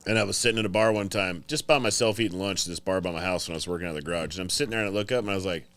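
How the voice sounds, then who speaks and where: A man's voice: low voice, very fast, fairly bright tone. A man hosting a casual podcast at his motorcycle shop, telling loose, profane stories with big outbursts. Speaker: podcast host, garage owner.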